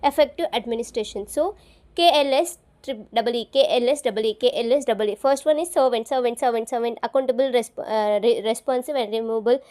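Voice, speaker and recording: Speaking quickly in a fairly high-pitched voice with a dark tone, a woman tutors for an exam, repeating key terms several times and spelling words out letter by letter in a study-along memorization session.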